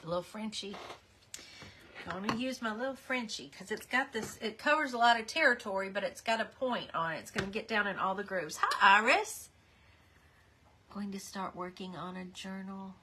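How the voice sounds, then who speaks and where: Slow-talking bright-voiced woman crafter. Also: fairly high pitch, a little hiss or hum. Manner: chatty, rambling, greets viewers by name. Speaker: craft livestream host. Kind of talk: casual live craft demonstration.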